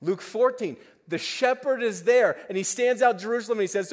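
A male pastor preaching a sermon to a congregation, pleading and impassioned, swinging between loud emphasis and hushed asides. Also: high-pitched, a little fast, few pauses. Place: church before a congregation.

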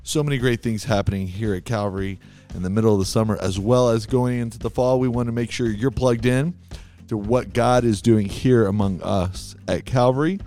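A man's voice: mid-range voice, steady tone, fairly quick, warm tone, soft background music. A man hosting a church podcast in a studio booth, upbeat and laughing often in casual chat. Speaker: podcast host.

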